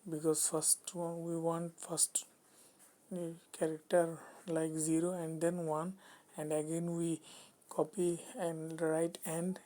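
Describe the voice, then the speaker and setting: Woman, low flat delivery, slow and hesitant, narrating a coding walkthrough. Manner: halting, hesitant, many restarts. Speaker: programming tutor. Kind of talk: screen-recorded coding walkthrough.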